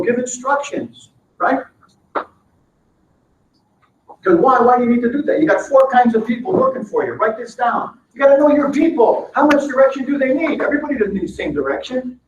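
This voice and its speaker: A man's voice: very high voice, a little hiss or hum. A man giving a seminar lecture on management, punchy and emphatic, often asking the room questions. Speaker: management trainer. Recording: roomy, distant, dull lo-fi sound.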